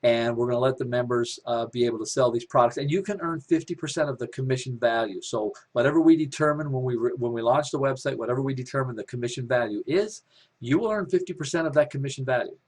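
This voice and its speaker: Upbeat man pitching a business webinar. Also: fast. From Canada. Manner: upbeat, repetitive, with many fillers and restarts. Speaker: company developer presenting a webinar.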